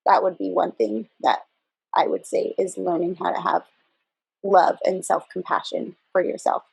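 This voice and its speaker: A woman's voice: fairly low pitch, flat delivery, moderate pace, gravelly, a little mellow, slightly rough, dry recording, low-quality recording. A woman in a book club discussion, speaking in an earnest, reflective way. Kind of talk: casual group discussion.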